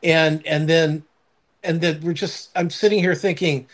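Sardonic man with a slightly high voice. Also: steady tone. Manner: halting, many restarts, sardonic. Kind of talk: casual political chat.

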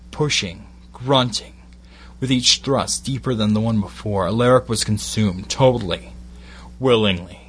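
A Glaswegian man narrating an erotic story in a measured, steady delivery with short phrased pauses. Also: fairly low pitch, slight background noise.

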